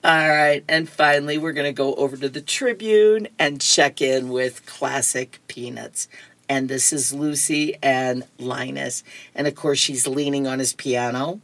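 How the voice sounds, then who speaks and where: A woman's voice: extremely low pitch, fairly even intonation, a little slow, a bit bright, dry recording. A woman radio reader reading comic strips aloud, chuckling as she playfully acts out the characters.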